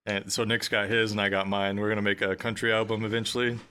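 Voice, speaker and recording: Laid-back co-host, man, bright voice. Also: on the low side, little pitch movement, fast talker, clean tone. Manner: laid-back storyteller, laughs often. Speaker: podcast co-host. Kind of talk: casual chat.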